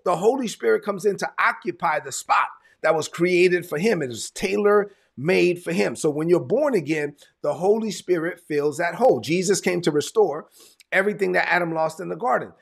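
A man preaching a sermon in a conversational, emphatic way, repeating his points, with a gravelly, husky voice. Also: sits high, moderate pace. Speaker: pastor.

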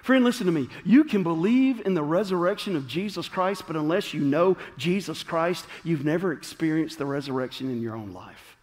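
A man preaching a sermon, moving between shouts and hushed, slow moments. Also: on the high side. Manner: animated call-and-response preaching, swings from shouting to hushed. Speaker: pastor. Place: church sanctuary. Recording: long reverb of a large hall.

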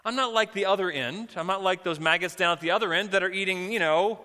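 A man's voice: sits high, fast, bright, forceful tone, long reverb tail, voice pushed up. A man voicing a small, indignant male maggot who insists he is not that bad, in a sermon illustration. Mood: defensive. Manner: indignant, defensive.

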